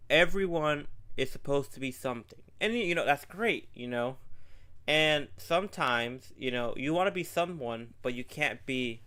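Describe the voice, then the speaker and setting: A man's voice: medium pitch, bright, forceful tone, smooth. A man hosting a podcast, making his points earnestly and filling gaps with "you know". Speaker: podcast host. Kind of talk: casual podcast chat.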